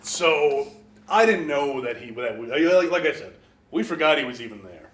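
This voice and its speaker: Animated, laughing storyteller man. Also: on the high side, normal speed, echoey room, slight background noise. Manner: animated anecdote teller, acts out quoted voices, laughs often. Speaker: interview guest. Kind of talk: casual storytelling.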